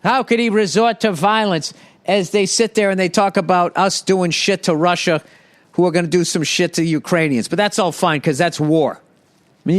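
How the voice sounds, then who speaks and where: A man hosting a solo podcast, ranting with heavy profanity and sarcasm and stammering restarts when worked up. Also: a little high. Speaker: podcast host.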